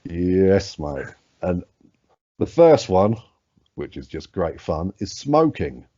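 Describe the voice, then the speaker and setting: A man's voice: low voice, sing-song, slow pace, mellow, dry recording, muffled recording. A man co-hosting a casual podcast, sweary and laid-back, reading odd facts aloud. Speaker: podcast co-host.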